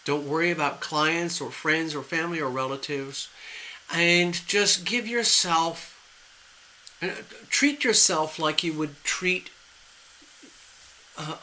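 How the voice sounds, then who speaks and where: Bright-voiced man giving gentle tarot readings. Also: fairly high pitch, a little slow, slight background noise, poor audio. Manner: gentle, soothing, rambling with fillers. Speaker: tarot reader. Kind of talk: live stream readings.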